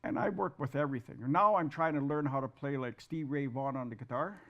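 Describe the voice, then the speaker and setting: A man who is an artist, talking in a casual interview, halting and repeating words, with self-deprecating humor. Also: mid-range voice, muffled recording. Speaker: guest artist.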